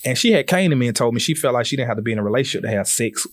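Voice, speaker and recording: A man hosting a podcast, telling a story in animated casual talk and swearing freely. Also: mid-range voice, rapid-fire, dry recording, studio quality. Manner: animated, swearing, acts out voices in his stories. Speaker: podcast host.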